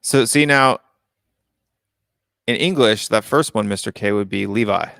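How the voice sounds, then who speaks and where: A man's voice: on the low side, unhurried, gravelly, fairly bright tone, no room sound, studio quality. An American man hosting a casual live-stream call-in show, reading out viewer comments and musing on them aloud. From United States.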